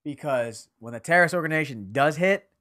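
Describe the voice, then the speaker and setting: A young man co-hosting a casual anime podcast, animated and profane, often acting out characters' lines. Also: a little high, fast. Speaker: podcast co-host. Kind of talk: casual anime review chat.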